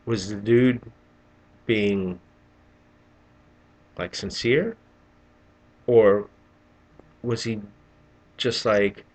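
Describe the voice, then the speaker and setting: A man's voice: lowish voice, fairly even intonation, very slow, long pauses, darkish tone. A middle-aged man telling a rambling, profane story in a casual vlog, often restarting his sentences. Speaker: vlogger.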